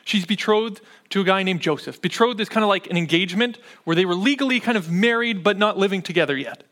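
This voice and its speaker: High-pitched guy preaching a sermon, chatty and casual, keeps checking in with the room. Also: fast, a bit bright. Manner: conversational preaching, frequent "right?" check-ins. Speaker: pastor.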